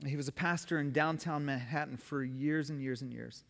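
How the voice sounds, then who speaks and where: A pastor delivers a sermon with emphatic, surging preaching, pushing hard on key words. His voice sits a touch high for a man. It rings with the long reverb of a church sanctuary. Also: fairly even intonation, normal speed, vocal fry, a bit bright. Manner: emphatic preaching, rising and falling in force.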